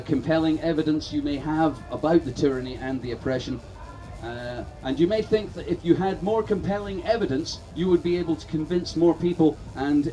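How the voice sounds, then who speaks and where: Sardonic profane comedian ranting on stage. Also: male voice, fairly high pitch, distant mic, lo-fi sound, slight background noise. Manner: sardonic, profane, building to shouts. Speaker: stand-up comedian. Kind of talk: satirical stand-up rant. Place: outdoor festival stage.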